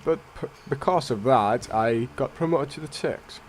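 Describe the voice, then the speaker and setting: A man's voice: mid-range voice, moderate pace, a little hiss or hum, lightly acted. A man reading as an eager young recruit woman. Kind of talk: reading game dialogue aloud.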